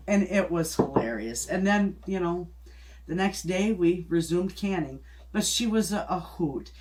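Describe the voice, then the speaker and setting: A middle-aged woman hosting a homestead channel, chatting casually and telling a story in a folksy, rambling way with restarts and little chuckles. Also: on the low side.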